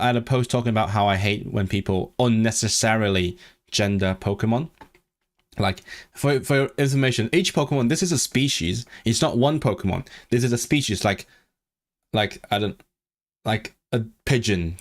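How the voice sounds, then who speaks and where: A man's voice: mid-range voice, normal speed. A man chatting casually on a live stream, thinking aloud, repeating and restarting words. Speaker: language-learning livestreamer.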